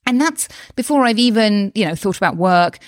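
A chatty woman hosts her own health podcast in a casual solo monologue. She talks in an animated way, full of exclamations and quick asides, at a middling pitch. The recording is close and dry, with no room sound. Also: dry recording. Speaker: health coach and podcast host. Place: lives in Spain.

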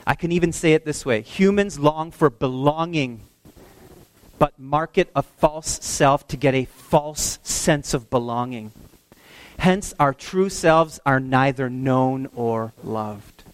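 A man preaching a sermon, telling stories in an animated way and acting out the voices of the people in them. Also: mid-range voice, slow pace. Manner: animated storytelling, acts out voices. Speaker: pastor.

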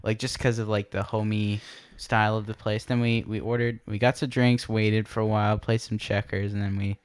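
A man's voice: fairly low pitch, little pitch movement, moderate pace, clean tone, dry recording. A young man co-hosting a podcast, telling a rambling story in casual chat. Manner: rambling storyteller, many fillers. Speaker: podcast co-host.

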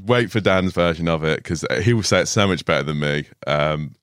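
A man's voice: low voice, a little fast, fairly bright tone, clear, resonant tone, no echo, studio quality. A man, a carp angler guest on a podcast, telling a rambling story with frequent laughs and restarts. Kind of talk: casual storytelling chat. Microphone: studio podcast mic.

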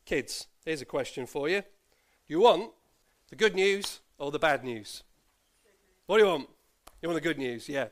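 Man, pastor, sermon in church, slightly high voice, lively and playful with children. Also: normal speed, long pauses. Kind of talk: sermon with scripture reading. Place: church service.

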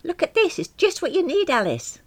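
A woman voicing a pushy, excitable female friend who talks in bossy, high exclamations in a storybook reading. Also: brisk, exaggerated voice. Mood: eager.

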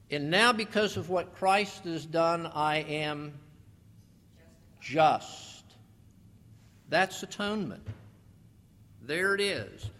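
A high-voiced man preaches a sermon as pastor, animated throughout, slowing down when he reads scripture and putting questions to the congregation. The recording carries the long reverb of a large hall.

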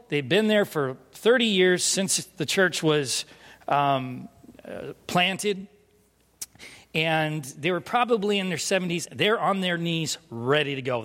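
A man preaching a sermon through a lively personal story, self-mocking and laughing often. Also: sits high. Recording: long reverb of a large hall.

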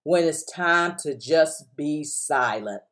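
A woman's voice: low voice, lively intonation, slow, fairly bright tone. A woman pastor preaching on a podcast, urging listeners to respond and repeating lines for emphasis. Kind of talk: sermon-style podcast teaching.

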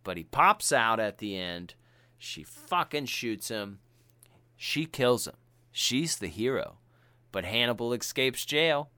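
A man's voice: mid-range voice, slow pace, clean tone, dry recording. A man co-hosting a podcast, chatting casually and retelling a film with slang and profanity. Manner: animated and profane, slangy storytelling. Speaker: podcast co-host.

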